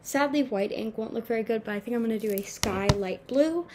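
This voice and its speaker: This nineteen-year-old vlogger has a slightly high, darkish voice and talks briskly. Chatting casually to her camera at home, she rambles, swears and teases herself, with slight background noise from the camera mic.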